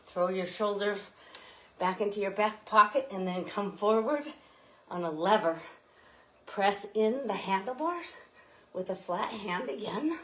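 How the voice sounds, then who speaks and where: Woman instructor on a bike, a bit winded, cheering you through the ride. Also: medium pitch. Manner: encouraging, coaching cues while pedaling. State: slightly out of breath. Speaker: fitness instructor. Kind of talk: guided cycling workout instruction.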